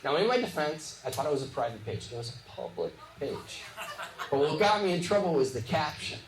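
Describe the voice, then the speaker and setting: Animated male stand-up comedian on stage. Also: on the high side, crowd noise. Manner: lively punchy storytelling with quick voiced asides. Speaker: stand-up comedian and former police officer. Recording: echoey venue with clear background noise.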